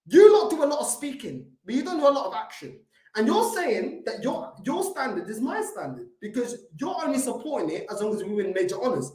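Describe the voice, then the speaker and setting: A man with a London accent hosting a heated live stream, confrontational and swearing freely. His pitch swings widely as he argues. The sound bounces around an echoey room. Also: very animated, a little fast, mellow. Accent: London English. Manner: confrontational, swearing, repeats himself. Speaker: fan channel host.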